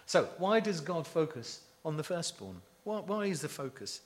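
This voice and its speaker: A man's voice: fairly high pitch, big pitch swings, normal speed. A man preaching a sermon, emphatic and full of rhetorical questions to his listeners.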